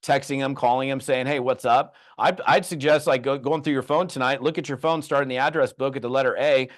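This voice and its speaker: A middle-aged man giving an animated sales training, telling stories and acting out quick bits of dialogue. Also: mid-range voice. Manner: lively storytelling with acted-out dialogue. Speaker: network marketing trainer.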